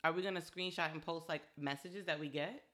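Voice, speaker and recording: A young woman co-hosting a podcast in casual chat, animated and laughing often as she acts out stories. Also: low-pitched, fairly quick. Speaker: podcast co-host.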